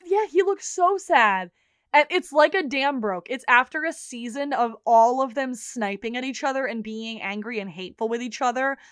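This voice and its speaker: On a podcast she co-hosts, a woman retells TV scenes in a casual way, performing the characters' dialogue and dropping the occasional swear word. Her voice is fairly high and a bit bright, with a clean tone at normal speed, recorded in a clean studio with no echo.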